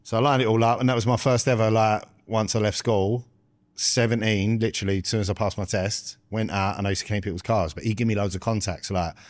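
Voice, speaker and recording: A British man with a fairly low voice chats casually on a podcast, spinning a loose, rambling story. The sound is dry and close, with no room in it. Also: steady tone, fast, dry recording. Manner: rambling, chatty anecdote telling. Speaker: podcast co-host. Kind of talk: casual chat.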